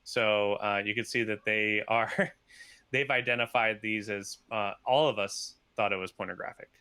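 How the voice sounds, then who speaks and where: A man, a software developer, chatting as a podcast guest over a video call, laughing often and talking in quick rambling bursts. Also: on the low side, fairly even intonation, smooth, dry recording. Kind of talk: casual video-call chat.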